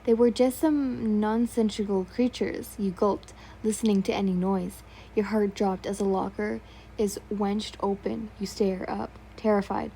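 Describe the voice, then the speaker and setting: A woman's voice: medium pitch, steady tone, measured pace, gravelly, slight background noise. Sleepy woman reading a fan story. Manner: sleepy and soft, yawning. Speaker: fan fiction reader.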